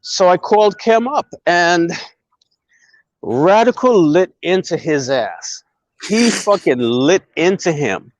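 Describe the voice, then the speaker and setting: A man hosting a casual chat, telling a long story in an animated, profane way. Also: high voice, slow, no room sound, muffled recording. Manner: animated, profane, acts out quoted dialogue. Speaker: host.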